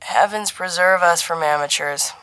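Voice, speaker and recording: A woman's voice: on the low side, normal speed, bright, forceful tone, dry recording, rough recording. A woman voicing a wry, serious male colleague who speaks in short, dry remarks.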